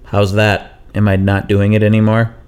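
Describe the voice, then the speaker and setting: A man's voice: lowish voice, completely flat delivery, normal speed, noisy background, lightly acted. A man voicing a simple-minded talking car in an improvised comedy story, speaking earnestly and plainly.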